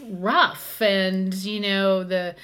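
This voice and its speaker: A woman in casual conversation, agreeable and relaxed, stretching some phrases out. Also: mid-range voice, very slow, smooth. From United States. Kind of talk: casual chat.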